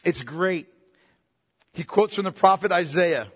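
High-voiced preacher in a reverberant hall. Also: male voice, measured pace, breathy edge. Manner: conversational, emphatic preaching with frequent repeats and asides of "man". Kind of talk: sermon.

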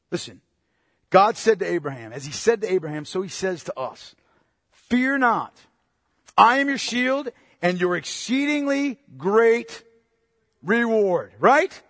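A male preacher delivering a sermon, asking his listeners pointed questions and swinging from hushed tones to forceful, impassioned lines. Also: high-pitched, no echo, studio quality, in a large hall. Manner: presses listeners with repeated direct questions.

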